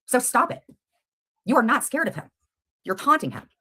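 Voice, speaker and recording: A woman on a livestream, confronting a rival head-on with rapid, combative questions. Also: sits high, very animated, sharp tone, husky.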